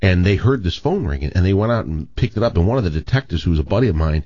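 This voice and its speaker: A man's voice: sits low, animated, racing, mellow, muffled recording. A man telling a story in casual chat, with many restarts.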